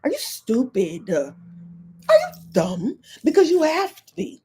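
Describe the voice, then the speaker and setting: Husky, animated woman ranting. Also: sits high. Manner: heated, profane, fast ranting. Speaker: podcast host. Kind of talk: live-stream rant.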